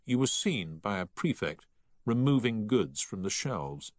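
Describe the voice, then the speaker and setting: A man's voice: fairly low pitch, big pitch swings, a little slow, no room sound, clean studio sound, voice pushed up. A man reading the part of a strict male schoolmaster who speaks curtly and in an uncompromising tone. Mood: stern. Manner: curt, uncompromising. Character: stern strict middle-aged male housemaster. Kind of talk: audiobook character reading.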